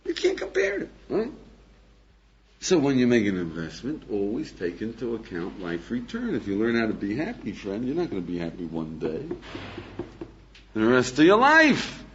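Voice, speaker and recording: Animated rabbi lecturing on old tape. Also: male voice, medium pitch, normal speed, long pauses, husky. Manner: animated, fires rhetorical questions, acts out dialogues, chuckles. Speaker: rabbi teaching a class. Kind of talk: lively lecture to a live audience. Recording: dull lo-fi archival lecture tape.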